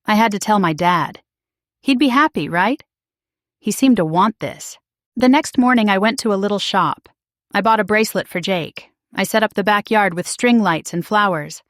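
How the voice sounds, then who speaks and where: A woman reads a story aloud in short, even, clearly spoken sentences, at an unhurried pace for learners. Her voice sits at an ordinary mid pitch. The sound is dry and close, with no room around it. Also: no echo. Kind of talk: slow, clear first-person story reading.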